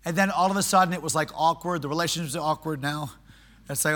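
A man preaching a sermon, animated and humorous, shifting from quiet conversational asides to loud exhortation. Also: a little high, quick pace. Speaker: pastor.

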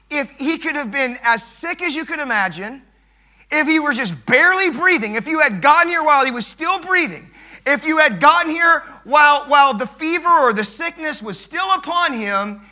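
A man's voice: very high-pitched, pushed and bright, voice pushed up, full character voice. A man preaching, voicing a grieving woman who pleads that it is too late. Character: grieving woman mourner, despairing.

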